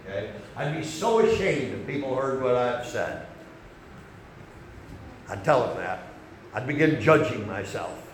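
A man preaching a sermon, folksy and conversational, swinging between loud emphasis and soft asides. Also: mid-range voice, moderate pace, echoey room, slight background noise, rough recording.

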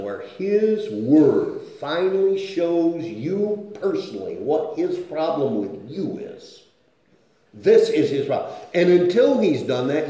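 A man preaches with a lively, rising and falling voice, earnest and searching. His tone is mellow and soft at the edges. The sound rings out through a very echoey room. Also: a little high. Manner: earnest, keeps asking "okay?" to check on listeners. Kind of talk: sermon.

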